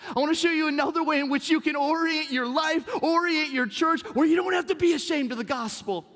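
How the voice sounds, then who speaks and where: A man's voice: very high voice, fairly quick, a bit bright, pitched above the performer's own voice. A man voicing the imprisoned apostle Paul, urgent and challenging. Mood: urging. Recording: reverb from a large hall.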